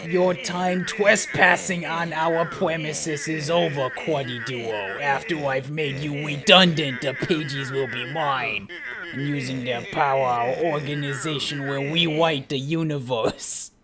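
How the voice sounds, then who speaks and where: A man voicing a scheming, gloating male corporate villain bee in a video game, speaking slow and drawn out over game music. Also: a little high, steady tone, crowd noise, voice pushed down, close to an everyday voice.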